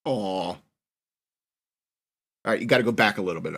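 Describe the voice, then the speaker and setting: A man's voice: lowish voice, moderate pace, fairly bright tone. A man in his forties, hosting a podcast and recalling his youth in a rambling, self-mocking way. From northern New York. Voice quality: rambling, laughing at himself. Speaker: podcast host. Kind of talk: casual reminiscing chat.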